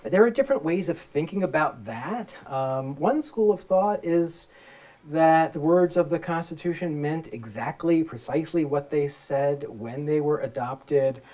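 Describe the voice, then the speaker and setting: Law professor giving a casual public lecture. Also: male voice, a little high, lively intonation, unhurried, darkish tone. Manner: informal, explaining plainly for laypeople. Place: event space with a live audience. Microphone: microphone.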